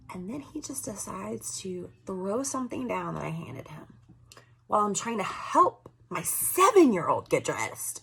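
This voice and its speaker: A woman in her forties talking casually and candidly to her viewers in a vlog, moving between loud remarks and soft, whispery asides. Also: mid-range voice, a little hiss or hum. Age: 40s. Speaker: vlogger.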